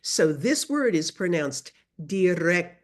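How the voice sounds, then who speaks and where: A middle-aged woman teaching a beginner Spanish class over a video call, modeling sounds slowly for students to repeat. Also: on the low side. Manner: lively, drawn-out modeling of sounds for repetition. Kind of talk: online class instruction.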